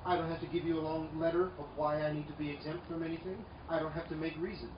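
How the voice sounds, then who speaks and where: Guy preaching a sermon, kinda high voice, sounds far from the mic, muffled and roomy. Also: flat delivery, fast talker, hardly any pauses, background noise. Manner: emphatic, swings between loud declarations and low asides. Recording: echoey room, mic far off, dull sound, faint ambience.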